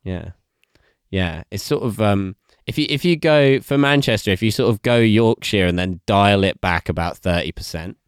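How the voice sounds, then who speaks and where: An Englishman co-hosting a comedy podcast, with a low, smooth, resonant voice that swings widely in pitch. He rambles, restarts his sentences and breaks into laughter. The sound is dry and close. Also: normal speed, no room sound. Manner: rambling, self-interrupting, laughs often. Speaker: podcast co-host. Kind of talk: casual comedic chat.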